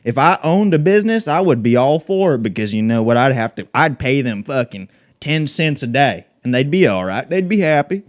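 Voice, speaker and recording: A man's voice: a little high, natural voice. A man playing a crude, bigoted redneck who taunts and rants with constant profanity in a comedy sketch. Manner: profane, taunting, loud ranting. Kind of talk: comedy sketch role-play.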